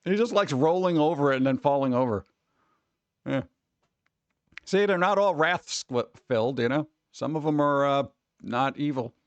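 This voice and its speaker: A man's voice: fairly high pitch, moderate pace, long pauses, clear, resonant tone, no echo, lo-fi sound. Rambling joking male streamer. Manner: rambling, joking, talks to chat. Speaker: streamer host. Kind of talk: casual live stream chat.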